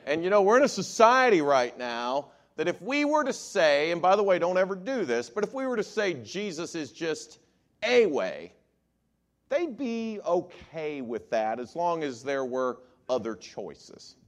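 A man who preaches as an attorney, often polling his listeners with "how many believe" questions. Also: on the high side. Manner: animated, asks the crowd show-of-hands questions. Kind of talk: sermon to a congregation.

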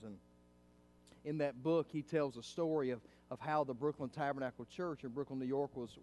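In a church, a middle-aged male pastor delivers a sermon, moving between quiet, low passages and loud, fervent peaks.

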